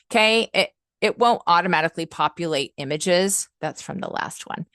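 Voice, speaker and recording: Woman, customer success manager, webinar trainer, enthusiastic and chatty, lowish voice, dry close sound. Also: normal speed, hardly any pauses, fairly bright tone, clear, resonant tone, dry recording. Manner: frequent "like" and "um" fillers.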